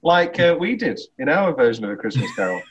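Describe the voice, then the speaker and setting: A man's voice: mid-range voice, sing-song, a little fast, slightly rough. Rambling, laughing male podcast host. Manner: rambling, self-interrupting, laughs often. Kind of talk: casual film discussion. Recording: dull lo-fi podcast audio.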